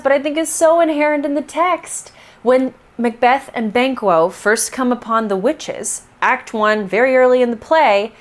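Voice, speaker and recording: Woman vlogger, casual film reviewer, animated delivery, quick to laugh, slips into little character voices, close-miked. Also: sits high. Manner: animated, laughs often, acts out quotes.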